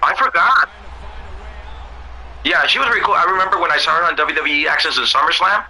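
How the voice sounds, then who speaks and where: Bright-voiced, hoarse man chatting casually. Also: a little high, a little fast, low-quality recording. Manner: loose, laughing, swears casually. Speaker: co-host. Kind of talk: casual chat.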